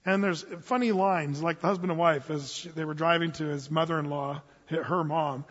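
A male pastor with a high, husky voice delivers a folksy, humorous sermon full of restarts and asides. The sound is dull and washed in long hall reverb, as if from a church sanctuary. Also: steady tone, moderate pace, hardly any pauses, a bit bright. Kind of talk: conversational sermon.

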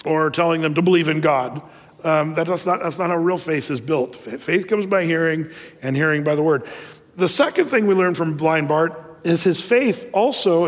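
A man's voice: a little high, big-room sound. A middle-aged man preaching a sermon as a pastor, talking in a loose, conversational way with many fillers and asides.

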